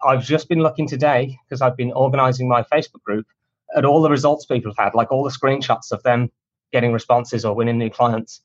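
A man's voice: mid-range voice, fairly even intonation, a little fast, lo-fi sound. A man being interviewed about his work, talking in a chatty, cheeky, self-deprecating way. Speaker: guest, cold email marketer. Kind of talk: casual conversational interview answers.

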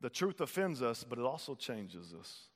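A man's voice: mid-range voice, very animated, normal speed. A man preaching a sermon as pastor, conversational and playful, slipping into acted voices for emphasis. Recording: long hall reverb.

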